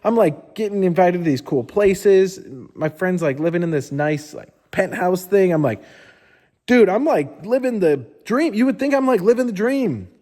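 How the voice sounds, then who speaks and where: A man's voice: sits high, expressive, moderate pace, few pauses, mellow, in a large hall. A man in a casual motivational storytelling style, candid and informal, who swears often and says "like" a lot. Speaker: motivational speaker.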